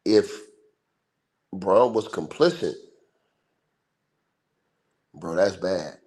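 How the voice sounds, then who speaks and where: A man's voice: sits low, lively intonation, very slow, a little mellow. A man hosting a livestream, giving casual sports commentary in an emphatic, slangy, repetitive way. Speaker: livestream host. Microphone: livestream mic.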